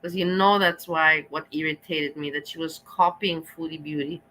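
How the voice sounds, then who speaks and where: Bright-toned lady reacting on stream, blunt and laughy, slight hiss behind. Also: deep voice, steady tone, moderate pace, rough recording. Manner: emotional, laughing, blunt and ranting. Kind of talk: casual live-stream reaction rant.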